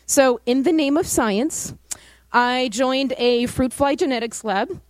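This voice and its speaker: A young woman in her twenties, a biologist giving a storytelling talk to an audience, animated and chatty with lots of fillers. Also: fairly high pitch, dry recording, low-quality recording. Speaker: student speaker.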